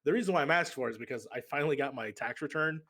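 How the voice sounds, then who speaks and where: A man's voice: on the high side, racing, sharp tone. A man talking as a podcast guest in a casual chat, with lots of fillers and frequent laughs. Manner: laughs often, many fillers.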